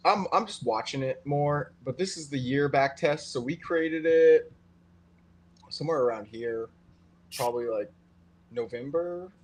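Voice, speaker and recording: A man co-hosting a live stream, explaining in a relaxed way with many fillers. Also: on the high side, unhurried. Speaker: co-host and trader. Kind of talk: casual live-stream chat.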